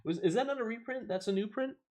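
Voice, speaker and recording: A man's voice: high-pitched, fast, warm tone. A man hosting a casual card-opening stream. He chats, laughs often and reads the card text aloud. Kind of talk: casual chat while opening card packs.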